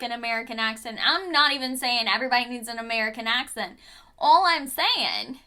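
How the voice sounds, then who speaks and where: A young woman talks through a blunt, exasperated review while doing her makeup at home. Her voice sits high and bright, and she takes her time with each thought, unhurried even when she swears. It sounds like a casual rant to the camera. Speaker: beauty vlogger.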